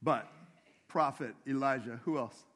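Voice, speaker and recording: A man's fairly bright, mid-range voice carries through a church sermon; this pastor takes his time, talks with the congregation in a conversational way and puts questions to them.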